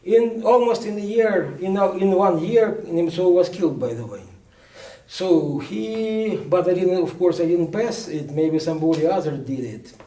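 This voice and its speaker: A man, a journalist recounting events at a book presentation in a halting way, full of restarts. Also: sits high, mellow, slight background noise. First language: Ukrainian. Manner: halting, many restarts and fillers. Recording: echoey room, speaker far from mic.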